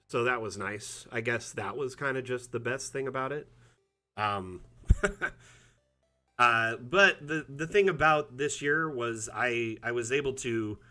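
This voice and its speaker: Middle-aged guy rambling on his stream, bright tone, faint music behind. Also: mid-range voice. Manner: chatty, many fillers and restarts. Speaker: community manager streaming a map build. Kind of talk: casual live-stream chat.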